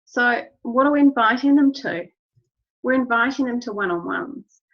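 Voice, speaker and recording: Here a woman with a fairly high, animated voice talks at normal speed. As a wellness business trainer, she instructs her team with earnest encouragement and repeats the key phrases. The clip sounds dull and lo-fi.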